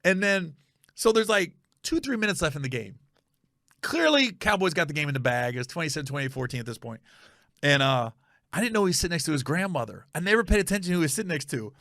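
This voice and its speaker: Middle-aged male comedian-host, lively storyteller with a bright, higher voice, dry close mic. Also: dry recording. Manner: animated, acts out voices in his stories. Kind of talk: casual storytelling monologue.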